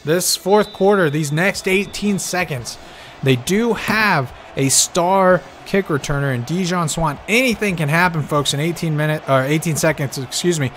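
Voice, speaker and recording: A man calling a simulated football game play by play. He gets excitable, rises to shouts on big plays, and keeps talking straight to the listeners as folks. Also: fairly high pitch, normal speed, soft background music. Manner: talks directly to the audience, calling them folks. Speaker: play-by-play commentator.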